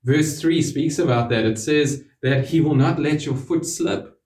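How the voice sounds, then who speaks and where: A man preaching a sermon to a church congregation, earnest, dropping to a hush on key words. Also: fairly high pitch, unhurried. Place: church hall. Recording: roomy, from a distance.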